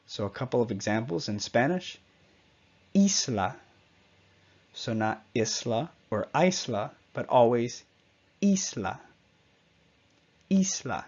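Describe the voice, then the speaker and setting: A man teaching a Spanish pronunciation lesson, patiently repeating each example word slowly and clearly. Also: medium pitch, highs cut off.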